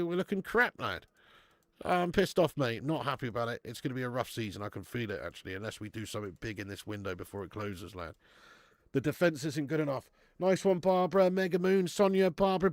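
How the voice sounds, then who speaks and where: A live stream host runs a football watch-along from home, chatting casually, swearing freely and calling out viewers by name. His fairly high voice comes through clean studio sound with no echo.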